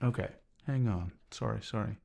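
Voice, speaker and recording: A man's voice: on the low side, normal speed, vocal fry, darkish tone. A man hosting a casual livestream, chatting with viewers in a rambling way full of fillers and restarts. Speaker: livestream host reviewing drawing tablets.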